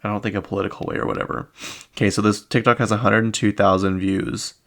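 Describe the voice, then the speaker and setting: A man's voice: lowish voice, flat delivery, fast, fairly bright tone. A man hosting a podcast, chatting casually and rambling with lots of fillers. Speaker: podcast host. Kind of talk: casual recap chat.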